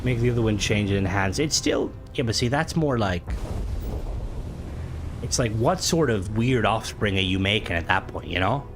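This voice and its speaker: A man chats casually while streaming a game, rambling and swearing, constantly breaking off and interrupting himself. His voice is lowish and expressive at a moderate pace, with soft background music.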